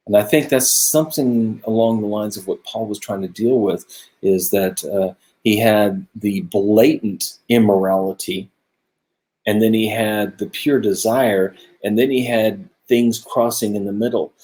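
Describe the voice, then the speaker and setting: A man with a somewhat low voice talks through scripture in a relaxed study chat. He sounds earnest and thoughtful, and he grows animated when he drives a point home. He speaks close to his own camera. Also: measured pace. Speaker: co-host of a religious discussion show. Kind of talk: casual Bible study discussion. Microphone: own camera close by, video stream.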